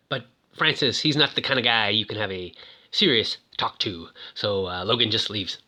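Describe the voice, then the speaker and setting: A man's voice: lowish voice, lively intonation, moderate pace, bright, forceful tone. A man casually talking about toys, rambling with lots of fillers. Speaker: toy reviewer. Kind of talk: casual chat.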